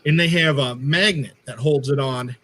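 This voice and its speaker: A man's voice: medium pitch, moderate pace, sharp tone, a little hiss or hum. A man co-hosting a casual livestream, chatty and jokey, often stopping to correct himself. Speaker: co-host.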